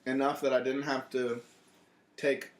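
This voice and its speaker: A man's voice: medium pitch, flat delivery, unhurried, slight background noise. A young man in his twenties, a restaurant owner guesting on a podcast, telling rambling travel stories in casual chat, full of fillers and acted-out quotes. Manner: rambling storyteller, many fillers, acts out quotes. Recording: echoey room.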